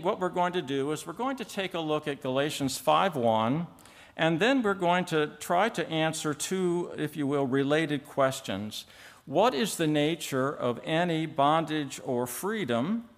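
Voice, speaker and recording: A man, a pastor, teaching an evening Bible sermon in a measured, explanatory way, reading and quoting scripture as he goes. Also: a little high, expressive. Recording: long reverb of a church hall.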